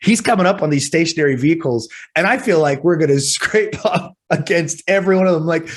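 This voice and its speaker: A man's voice: fairly high pitch, animated, fast talker, few pauses. A man in his forties, co-hosting a casual podcast. He tells stories with energy and acts out his own panicked lines. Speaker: podcast co-host.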